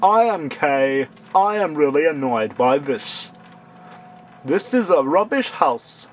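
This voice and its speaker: A man putting on a smug young game hero who keeps bragging about how cool he is. His voice sits high and swoops about. He speaks slowly. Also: expressive, slight background noise. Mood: smug boasting. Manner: mock-boastful, smug. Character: vain self-admiring young male game hero.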